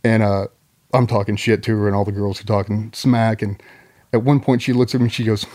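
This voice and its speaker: A middle-aged military veteran telling a long story in a loose, profane way, full of ums and likes. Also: male voice, fairly low pitch, level tone, brisk, darkish tone. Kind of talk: casual storytelling.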